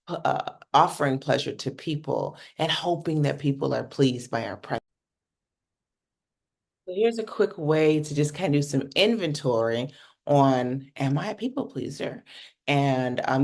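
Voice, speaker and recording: Gravelly, mid-pitched workshop coach from North America, casual and blunt. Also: darkish tone. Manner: casual and blunt, swears freely, asks "right?" often. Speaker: communication coach. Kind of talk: workshop teaching talk.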